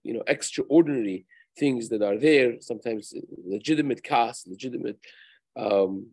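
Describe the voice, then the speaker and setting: A man's voice: mid-range voice, normal speed, a little mellow, breathy edge, no room sound, poor audio. A man, a rabbi, teaching a daily Torah lesson in a casual, conversational way, telling stories and weaving in Hebrew terms. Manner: conversational, tells anecdotes, mixes Hebrew and Yiddish terms.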